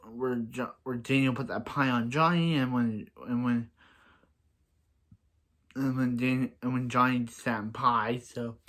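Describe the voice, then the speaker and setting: Rambling, excitable young male fan. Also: mid-range voice. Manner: rambling and excitable, often restarting sentences. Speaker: fan reviewer. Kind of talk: casual episode review.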